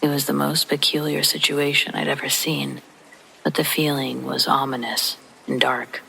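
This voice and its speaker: A narrator telling a scary story in a hushed, half-whispered voice made for falling asleep to. The tone is bright and edged with a gravelly fry. Faint rain patters behind the voice. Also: mid-range voice, flat delivery, normal speed, slight background noise, rough recording.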